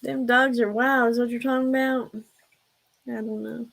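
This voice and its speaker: A woman's voice: a little high, little pitch movement, moderate pace, vocal fry. A woman chatting casually on a live stream, rambling and answering her viewers' comments.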